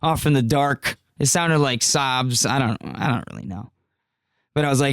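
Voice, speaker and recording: Young man, casual storyteller, mid pitch, rambling and profane, dry close sound. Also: expressive, normal speed, creaky, dry recording. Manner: rambling, profane, many fillers. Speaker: podcast guest.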